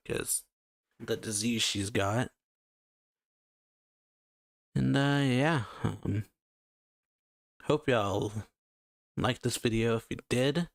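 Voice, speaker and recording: A man's voice: mid-range voice, creaky. A man hosting a reaction video, casually chatting and reading aloud, loose with fillers like "so yeah". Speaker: anime reaction host. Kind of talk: casual chat summarizing and reading a manga chapter.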